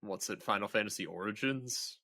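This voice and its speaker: A man co-hosting a gaming podcast in casual chat, enthusiastic and quick to laugh. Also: on the low side, sharp tone. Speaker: podcast co-host.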